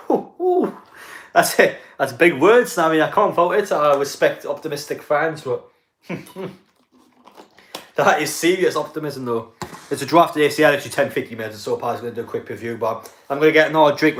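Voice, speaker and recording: A man's voice: mid-range voice, a little fast, a bit bright, echoey room, slight background noise. A man hosting a live stream, chatting casually and swearing while he reacts to a football match and takes viewer comments. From North East England.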